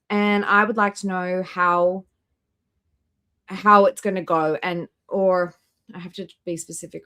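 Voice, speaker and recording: A young woman with an Australian accent hosts a reaction stream and speaks bluntly about what she watches. She stops now and then to welcome members of the chat. Her voice sits in an ordinary middle range. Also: mid-range voice. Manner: blunt, greets chat members between remarks. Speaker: livestream host. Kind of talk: reaction livestream commentary.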